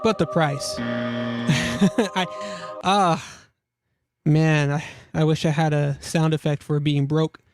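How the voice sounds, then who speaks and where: Over background music, a young man hosts a laid-back look at gear listings, cracking jokes he laughs at himself and repeating points as he chats. His pitch is fairly high, his intonation fairly even, and he speaks a little slowly.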